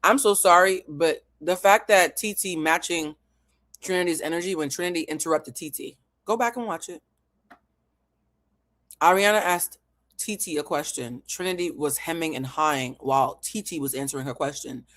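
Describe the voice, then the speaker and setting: A woman's voice: low-pitched, moderate pace, a bit bright. A woman hosting a live stream with commentary, talking in an analytical and emphatic way and swearing freely. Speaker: host.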